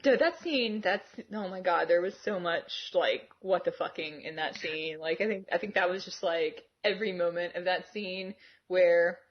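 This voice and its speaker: A woman's voice: fairly low pitch, moderate pace, hardly any pauses. A woman co-hosting a podcast in casual chat. She laughs often and swears freely. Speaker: podcast co-host. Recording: dull lo-fi recording.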